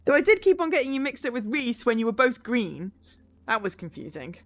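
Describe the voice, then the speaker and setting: A woman's voice: on the high side, very animated, brisk. A woman streamer reading game narration aloud and chatting with her viewers in a chatty, self-deprecating way.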